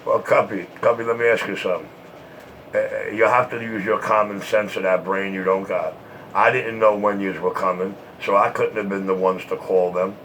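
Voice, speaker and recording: A man's voice: lowish voice, fairly bright tone, a little hiss or hum, poor audio. A man trash-talking and taunting in a repetitive, boastful way, short of breath from smoking.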